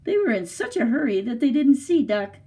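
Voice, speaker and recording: A woman librarian reading a picture book aloud for storytime, slow and expressive. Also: high voice. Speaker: youth services librarian.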